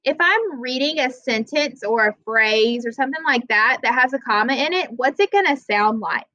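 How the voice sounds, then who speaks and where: A woman teaching a classroom grammar lesson, plainly explaining rules and slowly reading out example sentences. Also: high-pitched, expressive, bright, forceful tone, no echo, dull audio.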